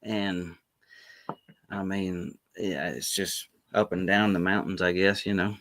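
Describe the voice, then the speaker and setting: A man, a guest on a live video-call chat who tells stories in an animated, laughing way. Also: deep voice, slow, dry recording. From Florida Panhandle, US. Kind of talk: casual live-stream chat. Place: remote, joining a video call.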